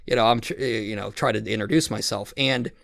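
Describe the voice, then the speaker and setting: Gravelly guy on a podcast, rambling swear-y story, dry close sound. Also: fairly low pitch, steady tone, quick pace, a bit bright, no echo. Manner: rambling, profane, lots of restarts and quoted voices. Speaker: podcast host. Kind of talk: casual storytelling chat.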